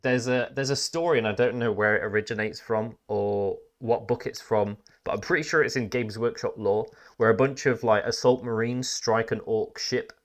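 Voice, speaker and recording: A man's voice: lowish voice, moderate pace, few pauses. A man, a podcast host chatting casually in a rambling, self-correcting way and laughing at his own jokes. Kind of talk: casual chat.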